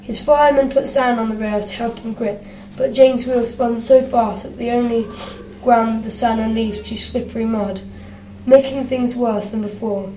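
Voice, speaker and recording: A woman reads a children's storybook aloud with expression, doing voices for the characters. Her voice sits a little high and echoes in the room. The mic is some way off, with faint ambience behind. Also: fairly even intonation, normal speed, dark tone, recorded from a distance, slight background noise. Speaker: narrator.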